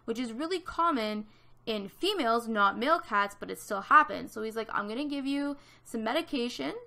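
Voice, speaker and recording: A woman's voice: a little high, expressive, normal speed, vocal fry, pushed and bright. A woman in her twenties from Canada, telling a story in casual chat over a gaming video, with lots of fillers. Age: 20s. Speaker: gaming vlogger.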